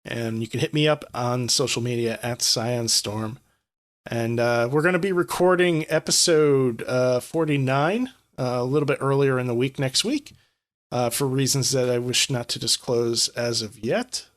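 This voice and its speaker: A man's voice: mid-range voice, normal speed. A young man co-hosting a gaming podcast, chatting casually and laughing often while he tells stories. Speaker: podcast co-host. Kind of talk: casual chat.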